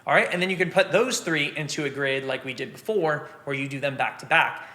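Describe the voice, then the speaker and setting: Man teaching drums over loud drumming. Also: on the high side, fairly quick. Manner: explains step by step, counts beats aloud. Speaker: drum teacher. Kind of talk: casual instructional talk. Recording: loud drum and click noise behind. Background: snare drumming and metronome clicks.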